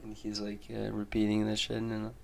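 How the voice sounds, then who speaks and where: A man's voice: fairly low pitch, monotone, moderate pace, vocal fry, a little hiss or hum. A man chatting casually and swearing a lot, telling rambling stories full of fillers. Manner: profane, laid-back storytelling full of fillers.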